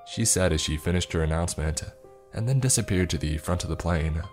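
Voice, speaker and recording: Deep-voiced man narrating a horror story. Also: brisk, darkish tone, faint music behind. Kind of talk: first-person scripted horror narration.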